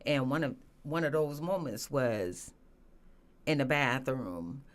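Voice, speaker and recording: A woman's voice: very deep voice, expressive, takes it slowly. Candid woman telling her story. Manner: earnest, candid, many "you know" fillers. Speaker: guest. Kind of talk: emotional personal storytelling.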